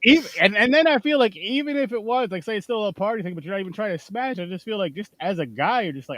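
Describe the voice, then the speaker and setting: A man's voice: high-pitched, brisk, a bit bright, no echo, low-quality recording. Emphatic man on a dry mic. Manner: emphatic, joking, profane. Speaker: podcast co-host. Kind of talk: casual movie review chat.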